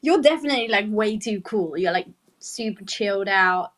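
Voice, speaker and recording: A woman's voice: medium pitch, expressive, moderate pace, a bit bright. A British woman chatting teasingly on a live audio space.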